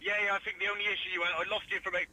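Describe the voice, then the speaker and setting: A man calling in to a live stream, bantering quickly and laughing. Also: high voice, level tone, bright, forceful tone, poor audio. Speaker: phone-in caller. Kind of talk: casual phone chat.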